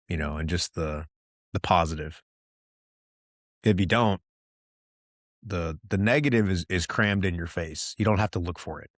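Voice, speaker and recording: A man's voice: sits low, no echo, clean studio sound. A middle-aged man hosting a solo podcast, talking candidly and rambling with lots of restarts. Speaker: podcast host.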